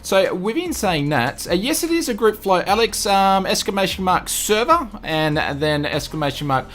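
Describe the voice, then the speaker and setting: A man's voice: high-pitched, big pitch swings, normal speed, a bit bright, slight background noise. An Australian man hosting a casual livestream, upbeat and greeting chat viewers one by one with repeated welcomes. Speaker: livestream host.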